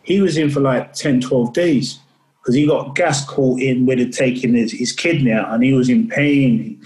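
A man's voice: medium pitch, moderate pace, a little mellow, reverberant, rough recording. Earnest man telling a story. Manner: earnest storytelling with frequent word repeats. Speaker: guest. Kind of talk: casual interview.

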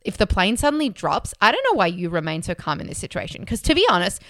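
A woman's voice: mid-range voice, sing-song, quick pace, fairly bright tone, no echo, studio quality. A woman co-hosting a casual podcast chat, talking animatedly and acting out her own inner voice. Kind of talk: casual chat about mindfulness.

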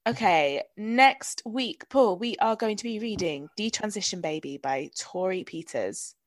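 A woman co-hosts a relaxed podcast chat, with a voice that sits in the middle range for a woman. She teases playfully and reacts quickly, often with gasps. Her mic sound is close and dry, with no room sound. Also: mid-range voice, dry recording. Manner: playful, quick gasping reactions and teasing asides. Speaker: podcast co-host. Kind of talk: casual chat.

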